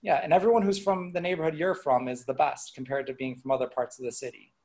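Gravelly-voiced Chicago man. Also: on the high side, fast, a loud crowd. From Chicago, USA. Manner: relaxed, rambling, with fillers and restarts. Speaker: guest presenter. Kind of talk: casual online Q&A.

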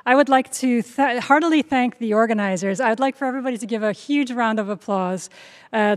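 Halting middle-aged woman hosting a lecture. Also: on the high side. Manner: warm, halting, with frequent fillers and self-corrections. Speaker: honors program host. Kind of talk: university lecture welcome remarks.

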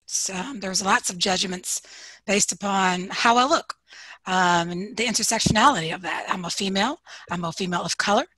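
A woman from Detroit speaks with confidence in a documentary interview and drives her points home by repeating them. Her voice is bright and forceful. The recording is dry and close. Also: medium pitch, normal speed, breathy edge, no echo, poor audio. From Detroit, United States. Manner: confident, emphatic, building repetition.

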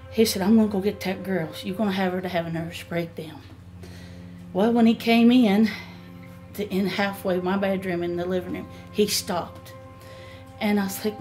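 Halting middle-aged woman. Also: medium pitch, darkish tone. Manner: halting, with many fillers and restarts. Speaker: homeowner telling her story. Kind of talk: emotional personal account.

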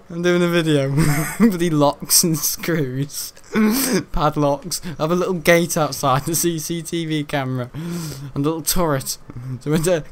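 Jokey British man, slightly high voice. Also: measured pace. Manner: rambling, jokey, laughs often, swears casually. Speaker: gaming video host. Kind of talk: casual gaming commentary. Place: bedroom at home.

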